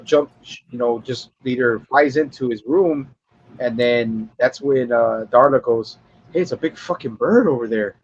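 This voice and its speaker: A man's voice: a little mellow, a little hiss or hum. Rambling, profane man with lo-fi sound. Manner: rambling, profane, acts out scenes in high voices. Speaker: podcast co-host. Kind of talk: casual film review chat.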